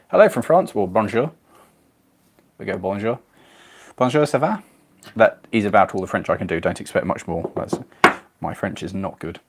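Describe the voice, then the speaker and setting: A chatty man from England with a slightly low voice hosts a relaxed live stream. He reads viewer comments aloud between bits of building and pokes fun at himself along the way. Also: vocal fry, husky. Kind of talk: casual live-stream chat while model building.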